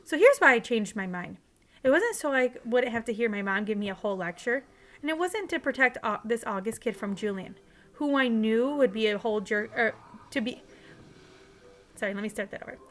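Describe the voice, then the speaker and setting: A woman's voice: on the high side, animated, brisk. A woman teacher reading a novel aloud in a casual, conversational way, sometimes restarting a line.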